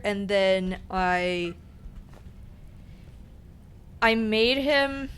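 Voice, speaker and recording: A woman's voice: mid-range voice, a bit bright, a little hiss or hum. A young adult woman streaming a game, chatting casually in a rambling, self-conscious, giggly way. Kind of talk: casual gaming stream chat.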